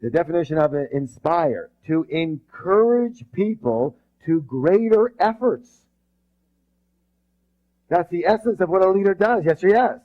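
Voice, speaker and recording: Male seminar leader, high-ish voice, energetic call-and-response, muffled lo-fi audio. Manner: energetic, drills the audience with rhetorical questions; emphatic, bursts loud when stressing passion. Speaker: motivational seminar speaker. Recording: dull lo-fi recording.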